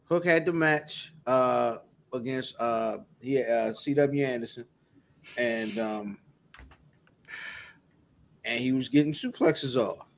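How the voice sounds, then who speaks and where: A man's voice: mid-range voice, slow pace, long pauses, a little hiss or hum. A man co-hosting a podcast in casual chat, hesitant and full of fillers. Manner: hesitant, many fillers when reading questions. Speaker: podcast co-host.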